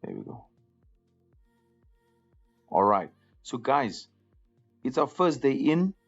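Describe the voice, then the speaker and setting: A man's voice: mid-range voice, big pitch swings, slow pace, gravelly. A man hosting a live trading room, talking casually to viewers and often repeating words as he goes. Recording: slightly dull lo-fi audio with faint music.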